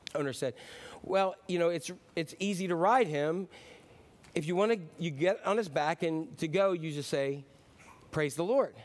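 A man preaching a sermon as pastor, telling a joke with lively character voices. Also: a little high. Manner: animated storyteller, voices characters.

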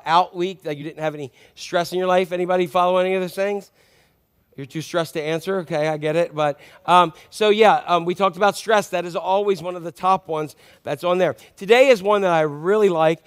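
A man's voice: sits high, clear, resonant tone. A male pastor delivering a conversational sermon and often asking the congregation questions.

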